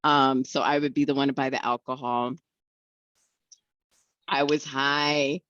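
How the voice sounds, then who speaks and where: A woman's voice: very deep voice, little pitch movement, a little slow, fairly bright tone, no room sound, highs cut off. A young woman tells her recovery story in a candid way, acting out the voices of the people she quotes and often laughing.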